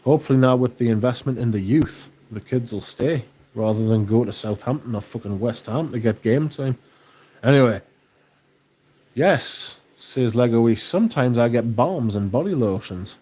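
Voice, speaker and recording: A man hosting a livestream, chatting casually and reading out viewer comments, relaxed and enthusiastic with plenty of swearing. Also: mid-range voice, normal speed, breathy edge. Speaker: livestream host.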